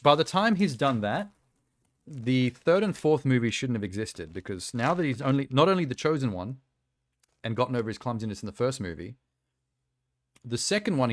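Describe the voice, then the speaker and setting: A man's voice: mid-range voice, expressive, brisk. A man streaming casual reaction chat, rambling and offhand with lots of fillers, talking around a sour lolly in his mouth.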